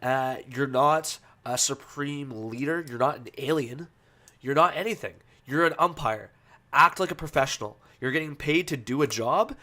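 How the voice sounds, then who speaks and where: Guy hosting a podcast, mid-pitch voice, rambly with lots of uhs, gets worked up and swears a bunch. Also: normal speed, bright, forceful tone. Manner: ranting, profane, heated; loose, hesitant with many fillers. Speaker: podcast host. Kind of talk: casual podcast commentary.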